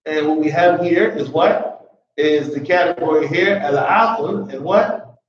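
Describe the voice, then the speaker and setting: A man with a slightly high voice teaches an Arabic grammar class at an unhurried pace, constantly quizzing his students with "what?" prompts. The classroom recording sounds roomy and dull.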